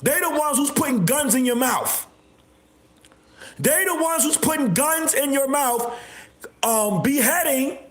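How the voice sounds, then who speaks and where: A man hosting a livestream, delivering a repetitive, confrontational rant with bursts of shouting. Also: very high-pitched, expressive, a little slow, pauses often. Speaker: livestream host. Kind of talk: ranting livestream monologue. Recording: echoey room.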